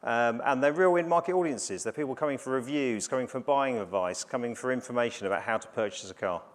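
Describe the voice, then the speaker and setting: Brief: middle-aged man presenting at a business conference, chatty, loose with fillers, medium pitch. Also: fast talker. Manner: conversational, frequent fillers and restarts. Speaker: conference speaker. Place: conference stage.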